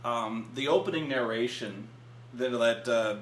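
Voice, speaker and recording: A man co-hosting a casual film review, rambling and swearing, acting out movie scenes with loud yells. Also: medium pitch, moderate pace, reverberant, a little hiss or hum.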